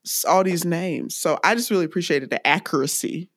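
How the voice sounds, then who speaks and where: A woman's voice: on the low side, fairly quick, no echo, clean studio sound. A woman, co-hosting a podcast and telling funny movie moments with lots of laughter. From American South. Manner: giggly, animated storytelling. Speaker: podcast co-host. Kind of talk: casual chat.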